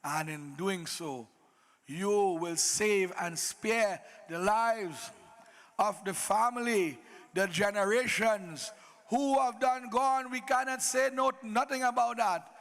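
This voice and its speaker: A man's voice: high voice, fairly bright tone, full character voice. A man voicing Vibhishan, a younger brother pleading earnestly and solemnly with his king. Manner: earnest, imploring, slow solemn delivery.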